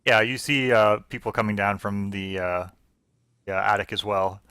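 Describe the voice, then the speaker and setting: A man's voice: fairly low pitch, fairly even intonation, normal speed, pushed and bright, clean tone, dry recording, studio quality. A man narrating as game master in a casual, hesitant way. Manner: casual, hesitant with many fillers.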